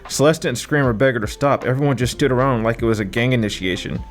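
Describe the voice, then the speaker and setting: A man's voice: medium pitch, fast talker. A man narrating a first-person thriller audiobook with vivid, dramatic storytelling.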